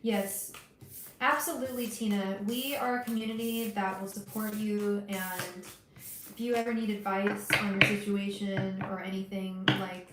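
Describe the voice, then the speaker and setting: A woman hosting a live tarot reading, talking gently and directly to her viewers with frequent restarts. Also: mid-range voice, roomy sound, noisy background. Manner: gentle, soothing, talks straight to viewers; emotional, hesitant restarts. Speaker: tarot reader livestream host. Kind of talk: casual livestream reading.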